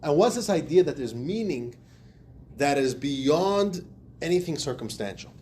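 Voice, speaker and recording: Male rabbi lecturer, higher voice with big lively swings, acts out the quotes. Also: measured pace, a little hiss or hum. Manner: expressive, acts out quotes, laughs often. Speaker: rabbi teaching a class. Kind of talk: animated lecture.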